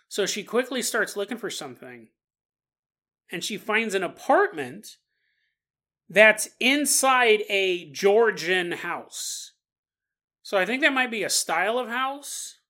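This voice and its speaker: Telling a story in a chatty, casual way, this woman co-hosts a podcast. Her mid-range voice has a fairly bright tone, and she throws in joking asides.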